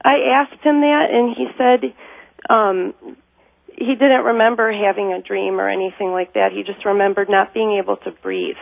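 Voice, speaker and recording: A woman's voice: mid-range voice, steady tone, moderate pace, creaky, no room sound. A woman caller on a phone-in show, telling a personal story in a rambling way, full of fillers and nervous laughs. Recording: tinny phone line.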